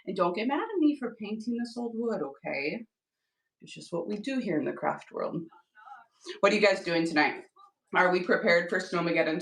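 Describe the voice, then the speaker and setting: A woman's voice: low-pitched, recorded from a distance. Chatty woman livestreaming from an echoey room. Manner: chatty, upbeat, talks to viewers while working. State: tired. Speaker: live-selling craft host. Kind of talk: casual livestream chat while painting.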